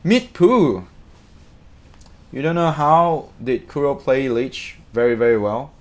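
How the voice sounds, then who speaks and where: Male streamer, casual live chat, excitable, chatty, mid-pitched voice. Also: moderate pace. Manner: excitable, chatty, drops filler "man". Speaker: streamer reading viewer comments.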